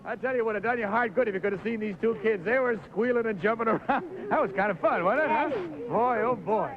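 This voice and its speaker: A man's voice: high-pitched, fast talker. A man hosting a live studio game show, jovially coaxing contestants through stunts in an old 1950s TV recording. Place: television studio with audience. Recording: dull lo-fi 1950s TV recording, faint hiss.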